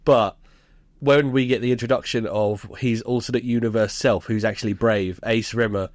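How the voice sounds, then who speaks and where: A man co-hosting a podcast, chatting loosely about a sitcom. He retells scenes with lots of laughter and the odd swear word. His voice sits at a middling pitch, and the sound is close and dry, with no room around it. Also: fairly even intonation, moderate pace, dry recording. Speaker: podcast co-host. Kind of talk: casual chat recapping a sitcom.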